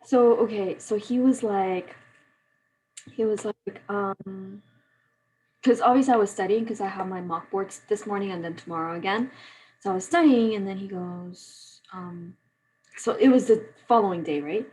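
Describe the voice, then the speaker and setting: Low-key young woman chatting. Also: moderate pace, a little mellow, slight background noise, rough recording. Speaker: medical student. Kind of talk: casual chat.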